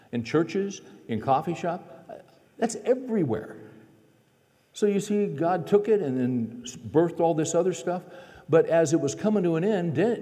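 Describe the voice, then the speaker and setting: A man's voice: fairly high pitch, dark tone. A man preaching a sermon in a chatty, folksy storytelling way, acting out the dialogue in his stories. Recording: long reverb of a large hall.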